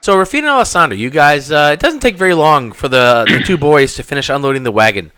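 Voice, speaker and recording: A male game master narrates a tabletop role-playing scene in an animated, swinging voice. His tone is bright and forward, close to the mic with a dry sound. He leans on ums and uhs as he sets up each moment. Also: a little high, fast, dry recording.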